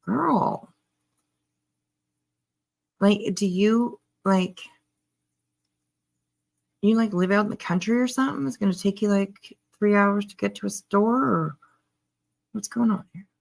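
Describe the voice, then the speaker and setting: Woman streamer with a gravelly edge, sarcastic and chatty. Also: mid-range voice, slow, long pauses. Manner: sarcastic, chatty, greets viewers. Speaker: commentary streamer. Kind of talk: casual live commentary.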